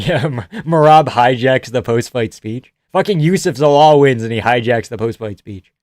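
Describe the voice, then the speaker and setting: A man's voice: mid-range voice, normal speed, darkish tone, no echo, clean studio sound. A man casually commenting live on a fight night, swearing and laughing a lot. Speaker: live streamer. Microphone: headphones on, close mic.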